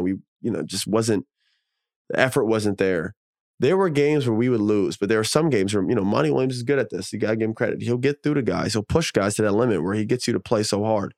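Man, ex-basketball player, podcast co-host, casual sports chat, animated, emphatic, slangy. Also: fairly low pitch, no room sound, studio quality.

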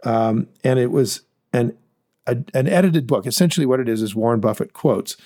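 Male podcast co-host, mid-pitched, animated and rambling, casual investing talk. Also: moderate pace. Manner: animated, rambling with restarts and fillers.

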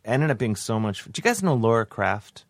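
A man, a comedian guest, telling a rambling, animated story on a casual podcast, acting out what people said. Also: on the low side, normal speed, creaky, no echo. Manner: rambling, animated, acts out quotes.

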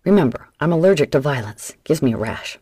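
A woman's voice: sits low, animated, brisk, mellow, slightly rough, no room sound. A woman voicing a wry, nervous male gambler with dry wisecracks.

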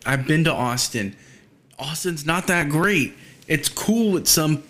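A man's voice: a little high, animated, takes it slowly, fairly bright tone. A man talking casually on a podcast over a call, laid-back and slangy, with many fillers.

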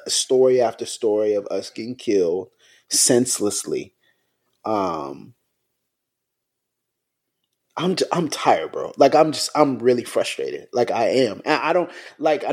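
A man's voice: mid-range voice, a little mellow. Frustrated, emotional male podcast co-host. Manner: emotional, frustrated, with halting restarts. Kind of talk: casual podcast talk.

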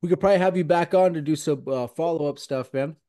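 A man hosts a Christian podcast, his voice fairly high-pitched, fast, and dark in tone. He talks earnestly, mixing casual chat with preaching and rambling with many fillers.

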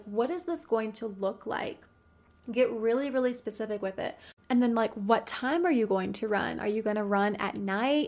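Chatty woman giving goal-setting advice. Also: fairly high pitch. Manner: chatty, addresses listener directly with many rhetorical questions. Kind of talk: casual advice monologue.

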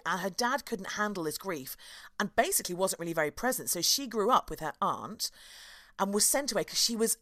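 A woman's voice: mid-range voice, a bit bright, no room sound. A woman hosting a casual chat, telling stories with frequent laughs and fillers. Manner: chatty, laughs often, many fillers. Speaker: podcast host.

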